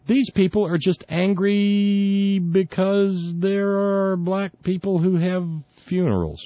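A man's voice: high-pitched, expressive, slow, no echo. A man hosting a talk radio show, delivering opinionated political commentary in an indignant, sarcastic manner with frequent stumbles and restarts. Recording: dull lo-fi dry recording.

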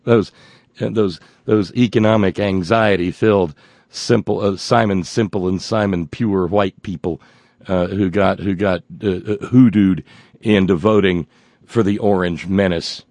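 Gravelly low-voiced male talk host. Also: fairly even intonation, unhurried, a little mellow, no room sound. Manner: sarcastic, ranting, stumbling restarts. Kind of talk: political talk monologue.

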